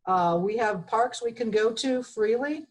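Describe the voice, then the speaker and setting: A woman's voice: fairly high pitch, measured pace, rough recording. A woman from Texas, reading constitutional text aloud and commenting on it in a plainspoken, emphatic way with frequent fillers. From Texas, USA. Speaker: presenter on the Bill of Rights.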